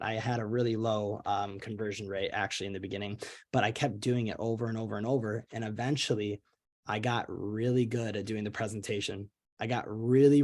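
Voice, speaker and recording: A young man leads a sales team call with upbeat, earnest energy. He talks in a casual, pushy way, often restarting his sentences and leaning on fillers like "you know". His voice sits at an ordinary middle pitch for a man. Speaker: network marketing leader. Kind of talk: motivational training call.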